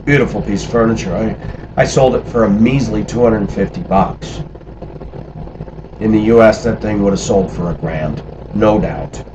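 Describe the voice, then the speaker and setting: Over a noisy background, a middle-aged man speaks in a lowish voice at a moderate pace, recalling his time living abroad. His storytelling is casual and animated, and he performs the voices of those he quotes.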